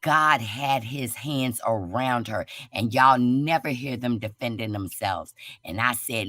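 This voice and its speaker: A woman's voice: rumbling low, measured pace, a bit bright, dry recording, studio quality. A woman speaking fervently as a guest on a live stream, repeating her points like testimony. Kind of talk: casual live-stream chat.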